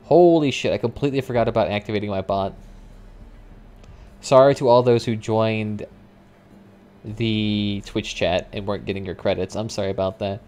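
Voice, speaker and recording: A young man streaming a vehicle combat game, chatting casually with swearing and sudden excited outbursts as he plays. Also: lowish voice, normal speed, long pauses. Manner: casual, profane, excitable reactions. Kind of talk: live gameplay commentary.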